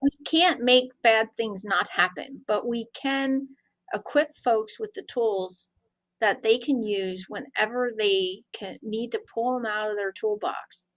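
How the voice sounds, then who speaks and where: An animated woman with a somewhat high voice shares stories from her consulting work as an interview guest. She tells them lively, acting out the back-and-forth of conversations with clients. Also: unhurried, rough recording. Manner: animated, recounts conversations in dialogue. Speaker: guest, anti-bullying consultant. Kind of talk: storytelling in an interview.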